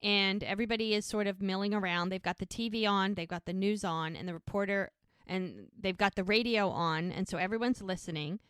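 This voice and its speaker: A woman at an ordinary middle pitch tells a TV episode's events in a casual, lively run. Her voice is dry and close to the mic, with no room echo. She slips into the characters' lines as she narrates. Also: a little fast, clear, resonant tone. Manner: animated storytelling, acting out lines in passing. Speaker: podcast host recapping a TV episode. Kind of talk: casual recap chat.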